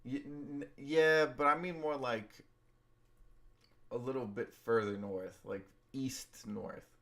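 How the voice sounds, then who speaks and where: A man's voice: medium pitch, steady tone, slow, fairly bright tone. A man hosting a casual livestream, speaking in an offhand way and thinking aloud with many fillers. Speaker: stream host trading stocks.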